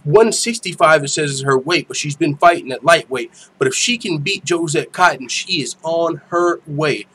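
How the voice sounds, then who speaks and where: A man's voice: on the high side, moderate pace, few pauses, fairly bright tone, slight background noise. A man hosting an MMA podcast in loose, slangy casual chat, laughing often. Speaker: podcast host.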